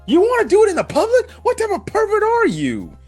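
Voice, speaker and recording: A man voicing a flustered teenage devil girl in a squeaky, panicky falsetto, shrieking in disbelief. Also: huge pitch swings, moderate pace, faint music behind, exaggerated voice.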